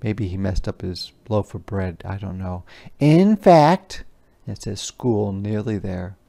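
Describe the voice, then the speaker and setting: This gravelly, fairly low-pitched man teaches little kids by reading them a picture book, putting soft emphasis on the text. Now and then he stops to explain the words and pictures simply.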